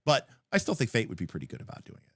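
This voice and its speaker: A man co-hosts a casual livestream about tabletop games, wandering through his points with plenty of fillers. His voice sits at an ordinary pitch but rises and falls a lot as he gets excited and jumps into quick voices for the scenes he describes. The sound is dry and close, with no room echo. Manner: rambling with many fillers. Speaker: livestream co-host.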